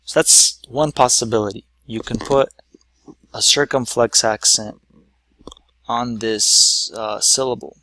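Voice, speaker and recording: A man's voice: medium pitch, fairly even intonation, slow, pushed and bright, no room sound. A man teaching a lesson at a whiteboard, explaining patiently step by step with some fillers.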